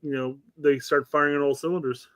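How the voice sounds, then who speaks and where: A man's voice: on the high side, level tone, a little fast, a bit bright, no echo. A man co-hosting a casual soccer podcast, dry and laid-back in manner. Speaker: podcast co-host.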